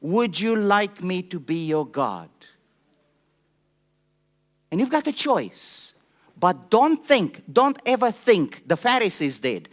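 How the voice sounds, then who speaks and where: A male pastor preaching a sermon to a congregation, passionate and animated, often asking the listeners questions. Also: high voice.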